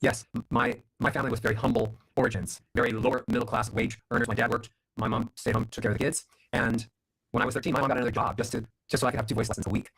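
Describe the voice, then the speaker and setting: A man who coaches voices tells stories at a rapid clip, slipping into playful quoted voices now and then. His tone is slightly husky. The sound is dry and close. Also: medium pitch, no room sound, low-quality recording. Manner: animated storyteller, acts out voices in quotes. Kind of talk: interview guest, storytelling.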